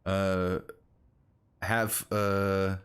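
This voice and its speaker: While streaming a building game, a man chats casually with teammates in a low-pitched, level, clean-toned voice. Busy playing, he speaks haltingly and keeps restarting his phrases.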